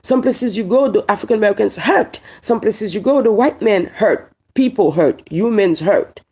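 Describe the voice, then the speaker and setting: Gravelly Haitian woman ranting to camera. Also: mid-range voice, moderate pace, warm tone. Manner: emphatic, repeats lines and fires rhetorical questions. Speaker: online commentator. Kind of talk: heated monologue to camera.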